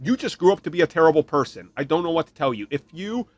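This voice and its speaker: Ranting man with a fairly high voice. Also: fast, no echo. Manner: animated, ranting, mocking voices in quotes. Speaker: podcast host. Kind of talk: opinionated solo commentary.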